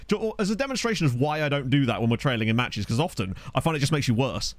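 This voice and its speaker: A young man giving chatty, excitable live commentary on a football management game while streaming and answering his chat. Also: medium pitch, quick pace, no room sound. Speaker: gaming streamer. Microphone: desk USB microphone.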